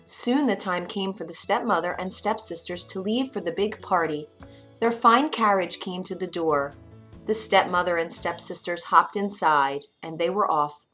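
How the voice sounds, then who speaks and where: A woman narrating a children's fairy tale in an expressive storytelling voice. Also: lowish voice, unhurried. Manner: expressive, does character voices. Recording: faint music behind.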